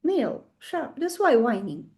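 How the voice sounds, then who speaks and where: Woman voicing a calm, unbothered old husband. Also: very high-pitched, slow, exaggerated voice. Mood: matter-of-fact.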